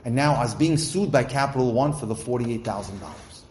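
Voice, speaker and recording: A man giving a religious inspirational talk, reading Hebrew passages and translating them line by line in a lively storytelling manner. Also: medium pitch, a little fast. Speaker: lecturer. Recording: echoey room with faint noise.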